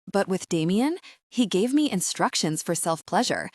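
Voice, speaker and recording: A woman narrating a romance audiobook in the first person, soft, intimate and breathy. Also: medium pitch, very animated, moderate pace, no echo, studio quality.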